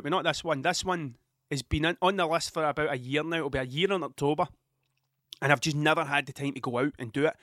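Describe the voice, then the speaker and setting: A man's voice: fairly high pitch, sharp tone, dry recording. A man with a Scottish accent in his thirties, telling a rambling, sweary story on his podcast into a close microphone. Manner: sweary, rambling, with frequent restarts. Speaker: podcast host. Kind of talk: casual storytelling monologue.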